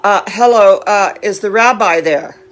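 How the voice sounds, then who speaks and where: A woman preacher voicing a hostile man on the phone, loud and defensive, stammering when caught off guard. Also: mid-range voice, measured pace, lightly acted. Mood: flustered. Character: gruff hostile middle-aged man on the phone.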